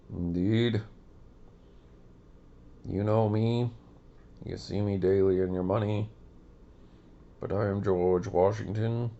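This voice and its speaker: A man's voice: lowish voice, warm tone, muffled recording. A man putting on the voice of a pompous old male founding president who makes stately, theatrical proclamations. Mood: proud.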